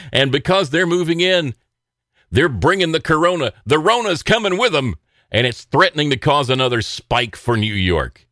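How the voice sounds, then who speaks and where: A man hosts a political commentary show in a sarcastic, mocking tone, with scoffing laughs between points. His pitch swings widely as he talks. The recording is dry and close, with no room sound. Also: very animated, moderate pace, pushed and bright, dry recording. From American South.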